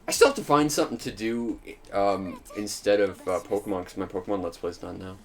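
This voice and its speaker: Low-voiced young man chatting over gameplay. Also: brisk. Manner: laughs often, rambling with restarts. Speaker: let's play host. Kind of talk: casual gaming chat.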